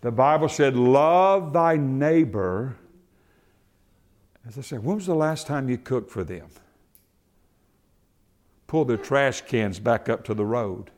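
A man preaching a sermon, swinging between loud, shouted exhortation and quiet, low asides. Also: expressive, slow pace, pauses often.

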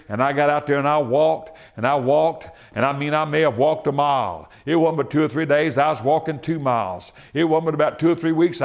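A middle-aged man with a slightly high voice preaches a folksy sermon. He drifts from quiet storytelling into shouted exhortation.

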